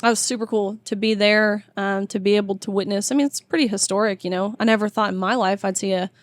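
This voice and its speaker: A young woman in her twenties talks as a guest in a casual interview. She speaks in a chatty, emphatic way at a mid-range pitch, in a dry, close-sounding recording. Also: steady tone, quick pace, no echo. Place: tour bus.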